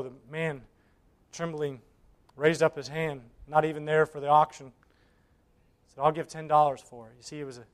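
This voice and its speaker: A male preacher telling a story in a sermon, swinging between loud bursts and near whispers and acting out the voices of the people in it. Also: fairly high pitch. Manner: acts out voices in his stories.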